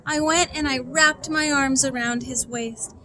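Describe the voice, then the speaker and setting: A woman's voice: high-pitched, unhurried, a little hiss or hum. Woman reading a children's book aloud. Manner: expressive, acts out the dialogue. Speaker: reader.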